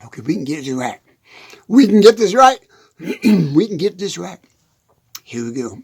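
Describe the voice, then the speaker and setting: A man's voice: high-pitched, sing-song, normal speed, a little mellow, slightly rough. A man rambling through a comic monologue in a hot, dusty shed. He giggles through his words and keeps stumbling over them. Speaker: country comedian.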